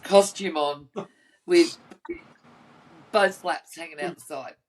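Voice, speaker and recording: A woman's voice: lowish voice, slow pace, a little hiss or hum, poor audio. An Australian woman co-hosting a podcast, telling blunt, cheeky stories in a casual chat over a video call. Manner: chatty storyteller, blunt and cheeky. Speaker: podcast co-host.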